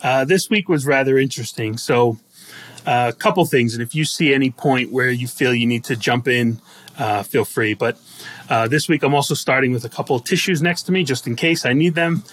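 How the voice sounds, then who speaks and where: Joking middle-aged podcast co-host. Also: male voice, medium pitch, brisk, fairly bright tone. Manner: joking, self-deprecating storyteller who laughs often. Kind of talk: casual chat.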